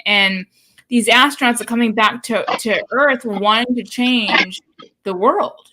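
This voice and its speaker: Podcast host, woman, faint Boston accent, blunt, swears a lot, lively casual talk. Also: mid-range voice, poor audio. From Boston area. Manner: blunt, swears freely, animated. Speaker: podcast host and tarot reader. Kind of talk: casual chat.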